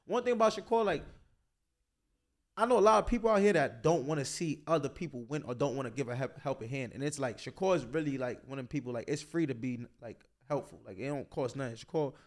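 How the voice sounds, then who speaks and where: A young man, a boxer, telling stories in a casual interview, animated and slangy, full of "like" fillers. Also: medium pitch, fast.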